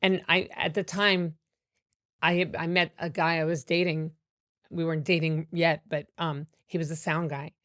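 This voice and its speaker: A woman comedian telling animated stories with many fillers and restarts in a podcast interview. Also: low voice, normal speed, no echo, studio quality. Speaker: comedian guest.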